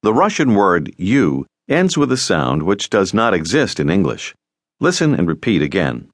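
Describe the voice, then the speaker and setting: A man narrates an audio language lesson, giving calm, scripted instructions for learners to listen and repeat. His voice is a little low but lively in pitch. The recording is dry and close, from a studio. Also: normal speed, no room sound. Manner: calm, directive teaching prompts.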